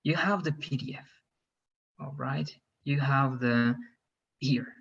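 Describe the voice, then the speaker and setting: Husky man teaching over a dull line. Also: medium pitch, slow pace, a bit bright. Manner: repetitive, checks in with "all right?". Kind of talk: online class instructions.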